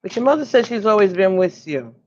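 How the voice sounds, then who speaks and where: A woman giving an oracle card reading on a livestream, musing slowly and pausing as if listening for messages. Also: mid-range voice, lively intonation, lo-fi sound. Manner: slow, musing, pauses to listen.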